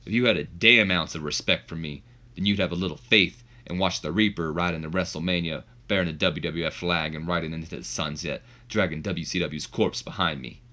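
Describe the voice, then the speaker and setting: A man voicing a brooding, menacing undead wrestler who speaks slowly and grimly. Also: low-pitched, pushed and bright.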